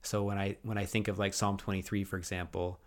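Podcast co-host, male, lower register, earnest and reflective, restarts often. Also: little pitch movement, brisk. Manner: earnest, thoughtful, frequent restarts. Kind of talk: reflective faith podcast talk.

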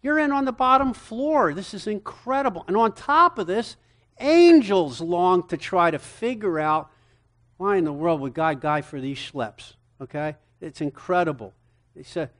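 This is a middle-aged man lecturing to counselors on a Bible book. His voice sits a bit high for a man. He moves energetically from point to point and keeps throwing rhetorical questions at the room. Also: a little slow. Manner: animated, rhetorical questions, acts out dialogue. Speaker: seminar teacher for counselors. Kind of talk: lecture-style Bible teaching.

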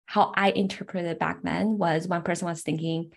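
A woman's voice: lowish voice, steady tone, normal speed, creaky. A young adult woman telling a personal memory in an earnest, heartfelt way, often saying "like" and "right". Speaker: personal storyteller. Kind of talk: reflective personal story.

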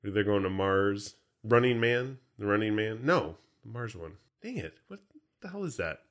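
A man's voice: on the low side, normal speed. A man co-hosting a podcast in casual chat, joking and poking fun at himself. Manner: joking, self-mocking, animated. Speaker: podcast co-host.

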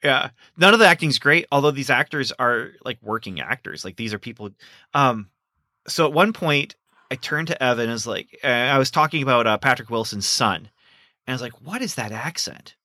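A man with a bright, forceful voice, talking through a film in casual review chat. He is animated and laughs often. The sound is dry and close. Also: medium pitch, fairly quick, no echo. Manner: animated, laughs often, acts out quoted lines. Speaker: podcast co-host.

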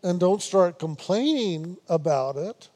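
A man giving a spiritual meditation talk, unhurried and repetitive, gently teasing his listeners and laughing now and then. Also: high-pitched, expressive. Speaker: spiritual teacher.

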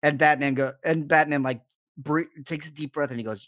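A man in casual podcast chat, an animated storyteller who acts out the lines he quotes. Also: fairly high pitch, fairly quick, dry recording, studio quality. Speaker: podcast co-host.

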